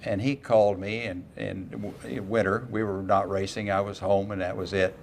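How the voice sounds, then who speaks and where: An older man with a fairly low voice tells his stories in a relaxed, folksy way. He acts out the lines of the people he quotes. Faint room ambience sits behind him. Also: normal speed, vocal fry, a little hiss or hum. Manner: folksy anecdotes, quoting others in lively voices. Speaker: interview guest, retired racing driver. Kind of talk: casual storytelling interview.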